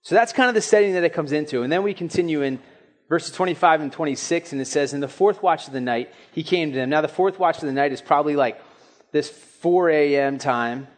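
A young man preaching a sermon in a casual, storytelling way, acting out quick asides and questions. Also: a little high. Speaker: pastor.

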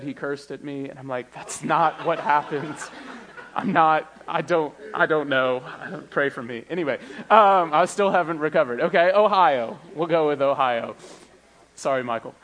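Animated high-voiced man preaching. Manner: animated, joking, reads scripture slowly with emphasis. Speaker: teacher. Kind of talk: sermon.

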